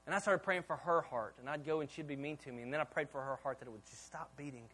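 A man's voice: mid-range voice, fast talker, few pauses, rough recording. A male pastor preaching a sermon, telling stories with humor and often repeating words as he starts sentences. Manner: animated storytelling with humor.

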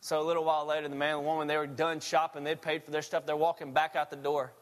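A man with a high voice preaches a sermon, telling stories in a loose, animated way and laughing along. His voice carries a long echo like a church hall. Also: fast talker. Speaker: pastor.

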